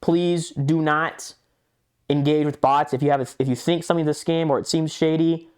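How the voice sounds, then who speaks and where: A man's voice: on the high side, fairly even intonation, normal speed, a little mellow, clean tone. A young man co-hosting a podcast in casual chat, telling a rambling story, acting out chat messages and swearing often. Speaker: podcast co-host.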